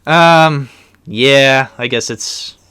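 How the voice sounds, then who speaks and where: A young man co-hosts a casual movie commentary in a mid-range voice that is bright, forceful, clear and resonant, stretching out his words. He rambles loosely, leaning on lots of fillers and letting sentences trail off. There's no room sound.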